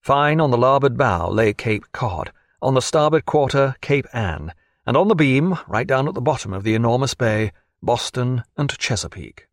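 A man narrating an audiobook in an expressive, measured storytelling manner. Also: medium pitch, dry recording, clean studio sound.

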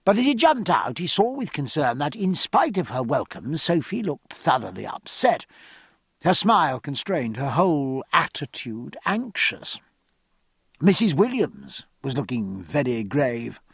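A man reading a novel aloud as narrator, in a measured, expressive storytelling manner. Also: fairly high pitch, vocal fry, slightly rough, no echo, studio quality. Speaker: audiobook narrator. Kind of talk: scripted narration.

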